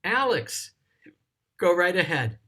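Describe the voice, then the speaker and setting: A teacher leading a text study, explaining scripture in a deliberate, thoughtful way and lingering on single words. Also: medium pitch, very animated, sharp tone, husky. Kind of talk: slow explanatory scripture lesson.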